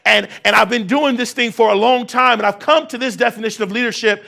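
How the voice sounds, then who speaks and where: A man in his late thirties delivers a motivational keynote in a very high, bright voice with a gravelly edge. He calls out words for the audience to repeat and hammers key phrases, sometimes building to shouts and sometimes slowing down for emphasis. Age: 30s. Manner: call-and-response with the audience, rising to shouts. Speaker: keynote speaker.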